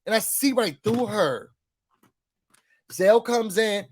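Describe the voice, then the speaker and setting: A man with a notably high voice chats through a reality show recap in a casual, sassy way. He gets animated and hammers points home by repeating words. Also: slow pace.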